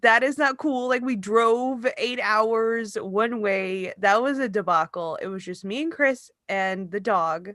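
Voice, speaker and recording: Bright, chatty woman telling a story. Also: medium pitch, a little slow, few pauses, no room sound, studio quality. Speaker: podcast co-host. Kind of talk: casual chat.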